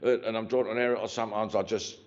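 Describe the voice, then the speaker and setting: A man's voice: lowish voice, level tone, racing. A man giving a live mediumship demonstration in a church, chatty and joking with the congregation. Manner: chatty, joking, cheeky, restarts often. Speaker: spiritualist medium. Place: church hall. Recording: dull lo-fi sound.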